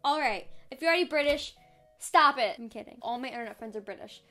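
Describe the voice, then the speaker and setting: Young woman, American accent, high voice, playful, jokey, chatty vlog. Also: expressive, rapid-fire, fairly bright tone, soft background music. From United States. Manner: playful, self-mocking, chatty. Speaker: vlogger.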